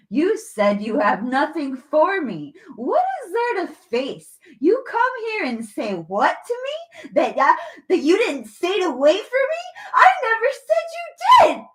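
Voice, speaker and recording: A woman vlogger in an emotional direct-to-camera monologue, talking straight to an absent person, halting and repeating herself. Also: sits high, big pitch swings, roomy sound.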